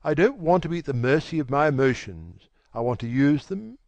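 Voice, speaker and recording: A man's voice: a little high, expressive, brisk, a little mellow, no echo, pitched above the performer's own voice. Vain, cold young gent, a male reader's character voice, lilting and dry, languid and dismissive. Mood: coolly aloof. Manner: languid, self-assured, dismissive. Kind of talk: audiobook character voice.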